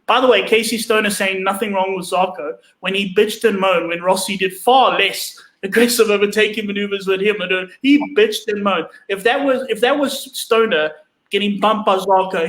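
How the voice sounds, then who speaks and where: A man's voice: high voice, moderate pace, fairly bright tone, roomy sound, poor audio. A man co-hosting a casual motorsport chat from home over a video call, loose and hesitant with wry asides. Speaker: co-host. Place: home room.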